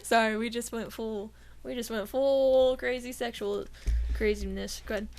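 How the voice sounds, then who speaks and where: Giggly animated woman podcaster. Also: fairly high pitch, normal speed, vocal fry, a little hiss or hum. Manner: giggly, animated, jumps into silly voices. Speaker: podcast co-host. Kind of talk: casual podcast chat.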